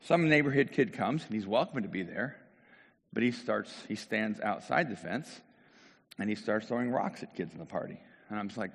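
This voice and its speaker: A middle-aged male pastor gives a conversational sermon, asking rhetorical questions and restarting his sentences as he goes. His voice has a slightly husky edge. A long reverb rings around him, as in a large hall. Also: lowish voice, normal speed.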